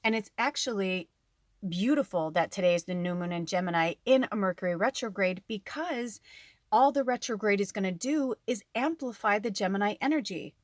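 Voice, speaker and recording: A young woman medium chats to her viewers in a loose, rambling way, full of fillers and asides. Her voice sits in a middle pitch and sounds close and dry, with no room around it. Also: expressive, normal speed, dry recording. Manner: rambling and chatty, many fillers. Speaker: tarot reader and spiritual medium. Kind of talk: casual spiritual talk to viewers.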